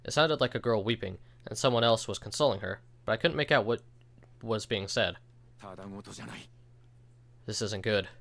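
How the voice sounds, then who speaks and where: A man's voice: on the low side, moderate pace, pauses often, fairly bright tone. A young man narrating a game's story aloud, reading the text in a casual way and breaking in with joking reactions. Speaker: let's play host.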